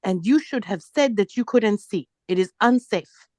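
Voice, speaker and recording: A woman acting out a rideshare driver, a curt, stiff woman with flat, formal, clipped sentences. The voice is mid-pitched and dry, with no room echo. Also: moderate pace, natural voice.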